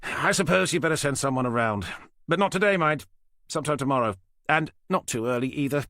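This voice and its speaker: A man's voice: fairly high pitch, expressive, fairly quick, pushed and bright, no room sound, studio quality, pitched above the performer's own voice. A man reading an audiobook voices a disdainful, idle older man who talks in a sneering, mocking way.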